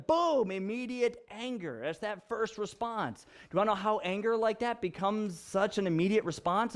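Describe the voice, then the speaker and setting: In a high, light male voice, a pastor preaches to his congregation. He teaches step by step, unpacking what words mean, and teases his listeners with easy laughter.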